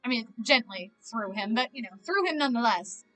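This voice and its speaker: A young woman giving casual, chatty movie reaction commentary, quick to gasp and groan. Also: a little high, lively intonation, fairly bright tone, soft background music.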